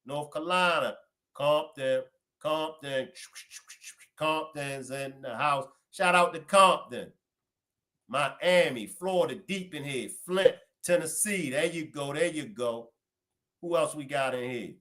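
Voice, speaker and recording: A man with a Baltimore accent, hosting a live stream and giving casual shout-outs to viewers. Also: on the high side, slow. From Baltimore, USA. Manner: chatty, greeting viewers by place.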